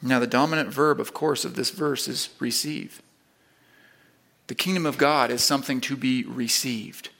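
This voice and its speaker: A man preaching a sermon, emphatic, building to loud repeated stresses and then dropping low and quiet.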